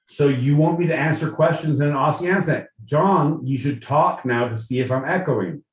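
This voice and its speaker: A man's voice: fairly high pitch, normal speed. A man co-hosting a podcast livestream, exasperated and swearing as he mocks his partner. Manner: exasperated, cursing, mocking. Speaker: podcast co-host. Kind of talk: profane casual banter on a livestream. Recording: echoey room, far from mic.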